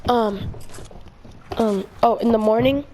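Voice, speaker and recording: A woman's voice: fairly high pitch, takes it slowly, background noise. A young woman telling a long personal story in a casual vlog, rambling with lots of fillers and restarts. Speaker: video creator.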